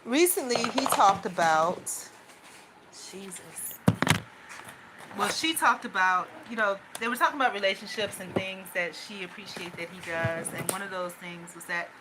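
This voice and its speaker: A woman's voice: medium pitch, normal speed, noisy background. A woman vlogger venting in a loose, rambling personal monologue, anxious and talking things through in run-on asides.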